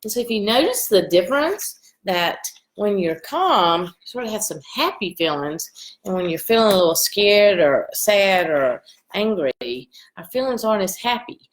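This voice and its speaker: A gentle woman teacher reads a picture book to young children. Her voice sits in a middle pitch and stays warm and encouraging. She stops often to ask the little ones questions. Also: sing-song, normal speed. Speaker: elementary school teacher.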